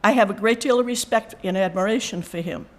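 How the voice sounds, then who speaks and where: A woman of middle pitch is giving farewell remarks at a town board meeting. She is teasing and laughs often as she speaks. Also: a little fast. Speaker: board member.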